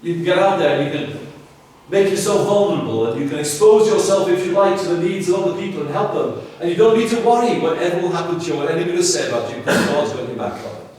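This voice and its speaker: A pastor with a high-pitched, darkish voice preaches fast and animatedly, earnest and emphatic as he presses listeners with rhetorical questions. The recording, made in a church sanctuary, is very echoey, with his voice coming from a distance.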